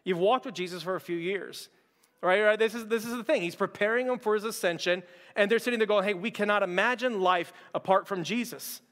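A man preaches with a high voice, talking to his church in a chatty but emphatic way, often repeating words as he builds a point. His voice carries the long reverb of a large hall. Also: brisk, a bit bright. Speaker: pastor. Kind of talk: sermon.

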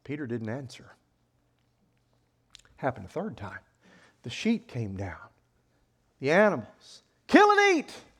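A man preaching a sermon in an animated way, acting out voices with sudden loud outbursts. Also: medium pitch, takes it slowly, long pauses, breathy edge.

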